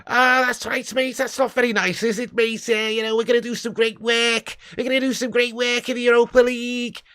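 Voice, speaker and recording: A man's voice: extremely high pitch, flat delivery, brisk, pushed and bright, clear, resonant tone, voice pushed up. A man voicing a mocking Liverpool football fan in an exaggerated put-on Scouse accent. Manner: taunting, jeering, exaggerated.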